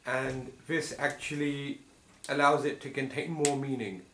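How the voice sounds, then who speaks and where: Male interviewer, mid pitch, rambling and rephrasing, echoey room with faint background noise. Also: fairly even intonation, unhurried, pushed and bright. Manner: thinks aloud, rephrasing his question as he goes. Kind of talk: conversational interview.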